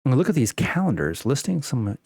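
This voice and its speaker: A man's voice: mid-range voice, big pitch swings, fast, vocal fry, darkish tone, husky, no echo, clean studio sound. A young man ranting casually to the camera at home, rambling with many fillers and restarts and swearing freely. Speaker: vlogger. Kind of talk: unscripted personal rant.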